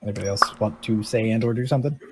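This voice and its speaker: A man's voice: fairly low pitch, racing, heavy background noise. A man narrating a tabletop game as game master in a loose, casual way.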